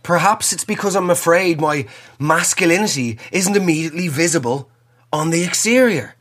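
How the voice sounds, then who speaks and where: A man's voice: a little high, lively intonation, normal speed, fairly bright tone. A man hosting a podcast, delivering a wry, self-mocking, rambling comedic monologue. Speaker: podcast host.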